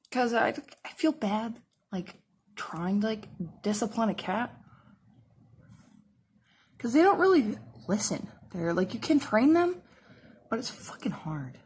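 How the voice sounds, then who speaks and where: A woman's voice: mid-range voice, breathy edge. A young woman chatting casually while she does her makeup, rambling along with lots of "like" fillers. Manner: rambling, full of "like" fillers and laughs. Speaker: makeup and cosplay vlogger.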